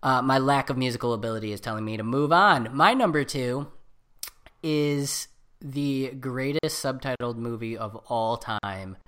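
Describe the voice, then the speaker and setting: A man co-hosting a casual chat, excitable and rambling, cracking jokes as he goes. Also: medium pitch, normal speed. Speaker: podcast co-host. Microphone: computer setup with camera.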